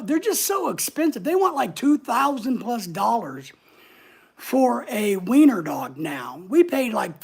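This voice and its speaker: A woman hosts a casual livestream in a fairly high voice. She chats easily with her viewers, reading their comments aloud and answering them as she goes. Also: gravelly, slightly rough. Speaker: livestream host.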